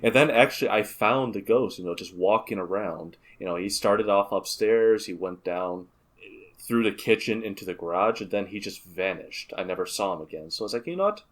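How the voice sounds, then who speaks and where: A man's voice: fairly low pitch, moderate pace. A man who is a guest on a gaming podcast, telling a long story and often restarting his sentences. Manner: rambling storyteller with many restarts. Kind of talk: casual gaming podcast chat.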